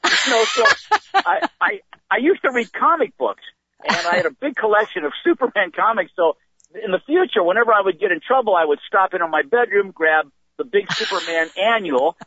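Animated, slightly high-voiced male comedian. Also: a little fast, lo-fi sound, noisy background. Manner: animated storyteller who acts out voices. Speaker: comedian guest. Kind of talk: casual storytelling chat.

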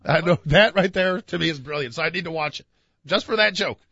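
A man's voice: a little high, fairly quick, bright, forceful tone, dry recording, lo-fi sound. A man co-hosting a sports talk show, emphatic and opinionated, often restarting his sentences. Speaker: sports radio co-host.

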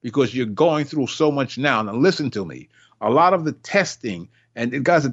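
An older man preaches an impassioned sermon in a mid-pitched voice, emphatic and repeating himself for effect. He acts out the voices he quotes. The recording is dull and lo-fi. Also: lively intonation, normal speed.

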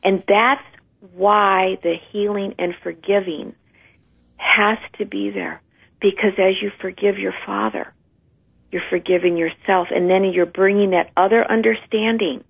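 A woman's voice: medium pitch, flat delivery, normal speed, creaky, breathy edge. A woman guest explaining how trauma passes down through generations, in an earnest, emphatic way. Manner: earnest, emphatic, acts out inner voices. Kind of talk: conversational explanation. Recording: tinny phone line.

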